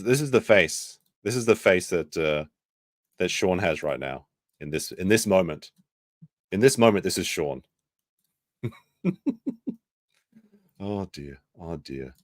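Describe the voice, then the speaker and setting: Rambling low-voiced male streamer. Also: creaky, no echo, clean studio sound. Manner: rambling, self-correcting, mimics people he quotes. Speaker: commentary streamer. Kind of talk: casual live commentary.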